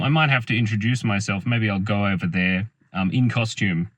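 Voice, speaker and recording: A man's voice: fairly low pitch, fairly quick, fairly bright tone, no room sound. A man in his thirties, chatting in a playful, rambling, giggly way from a parked car, recorded without a proper microphone. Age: 30s. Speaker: vlogger. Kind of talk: rambling comic vlog chat. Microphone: built-in camera mic, no microphone.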